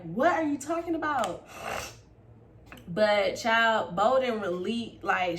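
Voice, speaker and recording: Gossipy woman with a bright voice. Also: a little high, slight background noise. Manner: animated and gossipy, swings from loud exclamations to murmured asides. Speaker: reality TV recapper. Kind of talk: casual recap chat.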